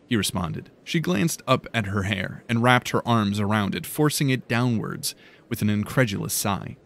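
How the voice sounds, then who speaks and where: A man reading a fantasy audiobook in calm, measured narration. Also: lowish voice, creaky.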